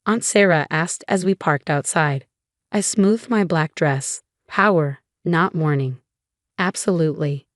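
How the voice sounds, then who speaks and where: A woman reading a scripted first-person story in an even, measured way. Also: low voice, no echo, studio quality.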